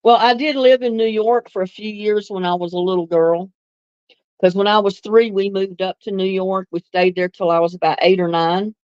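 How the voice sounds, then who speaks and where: A woman's voice: mid-range voice, fairly even intonation, normal speed, darkish tone, clear, resonant tone, no echo, highs cut off. An older woman from North Carolina with a Southern accent mixed with some Northern, chatting on a livestream, reminiscing and reading viewer comments with easy laughs. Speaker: livestream host.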